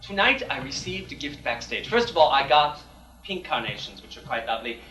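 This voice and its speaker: A man's voice: a little high, very animated, fairly quick, creaky, pushed and bright, full character voice. A man playing a catty, grand drag lady host. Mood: campy. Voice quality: campy, mock-refined delivery. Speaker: comic host before a live audience. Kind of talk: live stand-up comedy. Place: large theatre stage with live audience. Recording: fuzzy 1980s VHS air check, roomy and distant.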